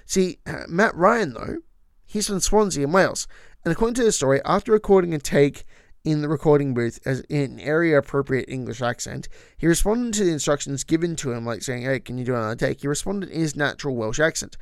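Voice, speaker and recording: A man's voice: a little high, animated, a little fast, no echo, studio quality. A man hosting a podcast, talking casually and with opinions about trivia, with frequent asides. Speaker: podcast host.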